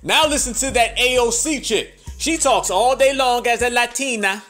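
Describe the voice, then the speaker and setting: A man's voice: extremely high pitch, moderate pace, pushed and bright, faint music behind. A man giving heated, mocking, profane political commentary.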